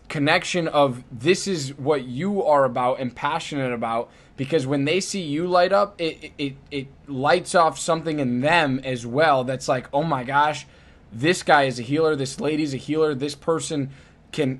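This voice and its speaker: A man with a fairly high voice hosts a podcast interview. He backs his guest up warmly in words and often restarts his sentences as he thinks aloud. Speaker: podcast host. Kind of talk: casual interview chat.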